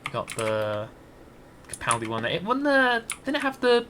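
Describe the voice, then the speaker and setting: A man's voice: sits high, wildly swooping pitch, normal speed, background noise. A Scottish man giving rambling, hesitant gameplay commentary into a desk mic, with many restarts. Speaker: gaming YouTuber.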